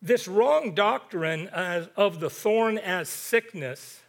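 A male preacher with a fairly high voice delivers a sermon. He reads scripture with emphatic, rhythmic rises and breaks into chatty asides to the people in front of him. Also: slow pace, vocal fry. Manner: emphatic, rhythmic scripture reading with rising peaks; conversational asides to the congregation.

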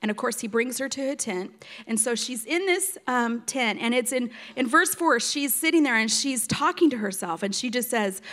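A woman teaching a Bible passage in a relaxed, conversational way, retelling the story in her own words with plenty of fillers. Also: high-pitched, moderate pace.

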